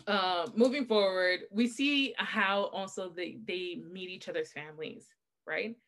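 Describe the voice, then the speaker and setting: Brief: young woman podcast co-host, chatty and animated, quick to laugh while telling stories. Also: lowish voice. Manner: animated storyteller, laughs often. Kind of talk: casual book chat.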